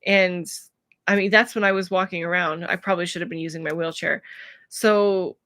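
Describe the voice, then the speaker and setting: Woman vlogger, close dry mic, open and emotional, halting speech with fillers. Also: lowish voice, fairly even intonation, fairly bright tone, no echo. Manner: emotional, searching for words, many pauses and fillers. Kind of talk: personal vlog talking to camera.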